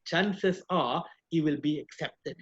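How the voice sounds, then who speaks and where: A middle-aged man from Malaysia, a professor telling a personal story in an animated way with many repeated words, heard over a video call. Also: a little high, takes it slowly, husky. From Malaysia (Perak). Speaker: professor and guest speaker. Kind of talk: storytelling talk. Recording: dull lo-fi video call audio.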